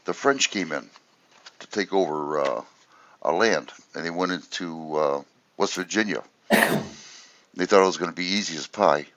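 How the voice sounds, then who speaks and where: A man's voice: low-pitched, normal speed, long pauses, fairly bright tone, a little hiss or hum. A man telling rambling, profane stories in a casual chat about his days in the service. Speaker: veteran storyteller. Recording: dull dry lo-fi sound.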